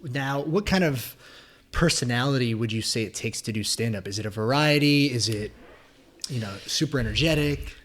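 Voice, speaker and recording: A man's voice: medium pitch, normal speed, fairly bright tone. A man hosting a casual interview, asking short questions and reacting with laughter. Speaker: podcast host.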